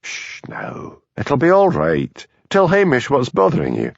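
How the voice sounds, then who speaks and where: A man voicing a calm, stubborn police sergeant with a Scottish Highland accent who questions people quietly and persistently. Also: a little slow, vocal fry, dry recording, dull audio, heavily acted. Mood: gentle.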